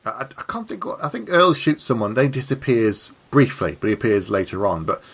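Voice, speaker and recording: A man recaps a film's plot step by step in a casual chat. His pitch moves a lot and his voice is bright. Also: sing-song, brisk, vocal fry, husky. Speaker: film review podcast co-host.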